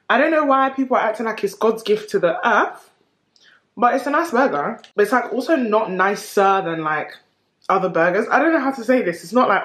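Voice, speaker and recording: A woman's voice: a little high, sing-song, fairly quick, fairly bright tone. Chatty young woman vlogging. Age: 20s. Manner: chatty, candid, slangy. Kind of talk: casual vlog chat to camera. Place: at home. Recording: roomy echo, faint noise.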